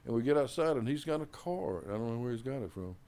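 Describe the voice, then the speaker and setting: Lively intonation and a mellow sound mark this older jazz man, who talks at a quick pace. Casually telling long stories about his early days, he sprinkles in "you know" and "man" and voices the people he quotes at a raised pitch.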